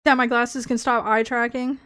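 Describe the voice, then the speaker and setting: A woman livestreamer in casual chat with her viewers, excitable, swearing freely and laughing often. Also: a little high, normal speed, dry recording.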